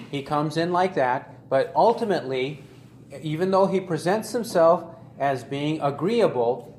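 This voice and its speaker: A man preaching an expository sermon, deliberate and emphatic, repeating key phrases for stress. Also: fairly high pitch, a little mellow. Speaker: pastor. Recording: echoey room with faint ambient noise.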